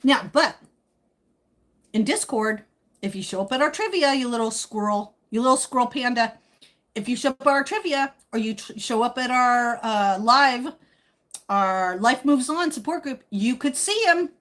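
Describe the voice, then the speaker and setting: A woman hosting a casual live stream, answering viewer comments in a chatty, teasing way, with a slightly husky voice. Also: on the high side, animated, moderate pace, fairly bright tone. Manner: speaks while eating. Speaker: livestream host chatting with viewers.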